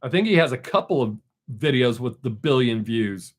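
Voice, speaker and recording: A man's voice: mid-range voice, expressive, normal speed. A man hosting a casual live stream, answering viewer comments in a blunt, opinionated way.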